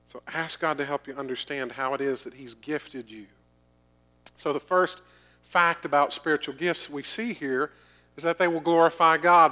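Middle-aged male pastor, bright slightly high voice, earnest emphatic sermon delivery. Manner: earnest, emphatic preaching with dry asides.

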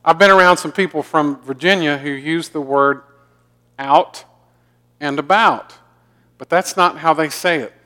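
Hardly pausing at all, a pastor from the American South with a mild accent preaches a folksy, humorous sermon, frequently repeating himself. His fairly high voice sounds pushed and bright, with fairly even intonation at normal speed. It echoes with long hall reverb in a church sanctuary.

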